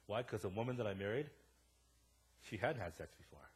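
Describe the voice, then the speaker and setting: A man's voice: on the low side, big pitch swings, fast talker, husky. Casual, joking young male pastor preaching. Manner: casual, joking storyteller with a wide swing in loudness. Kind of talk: sermon. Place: church sanctuary.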